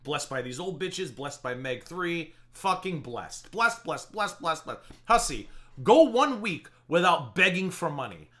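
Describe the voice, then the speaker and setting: High, bright-voiced man ranting sarcastically. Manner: sarcastic, mocking and exasperated. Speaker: live-stream commentary host. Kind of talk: live reaction commentary.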